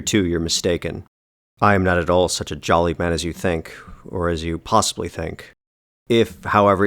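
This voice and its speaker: Deep-voiced man reading an audiobook. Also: dry recording, studio quality. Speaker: audiobook narrator. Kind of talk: dramatic first-person audiobook reading.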